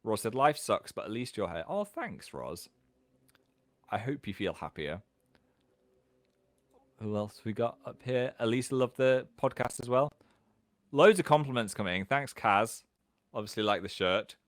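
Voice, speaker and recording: Chatty British man, lively pitch. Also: dry recording. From England. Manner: chatty, animated, quick jumps in pitch. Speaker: livestream host. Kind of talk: casual livestream chat reading comments.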